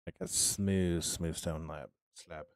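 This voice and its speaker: A man talking casually to his live-stream chat while he builds in a game, mumbling and humming to himself, and clearing his throat now and then because he is sick. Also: a bass voice, slow pace, no room sound, studio quality. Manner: relaxed, mumbling to himself, humming filler sounds.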